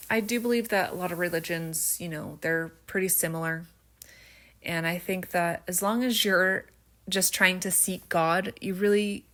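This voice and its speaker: Brief: woman vlogger, lowish voice, loose rambling chat, slight stutter, hint of country twang. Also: a bit bright. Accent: slight rural American twang at times. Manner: chatty, rambling, many fillers and tangents. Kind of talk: casual storytelling while crafting.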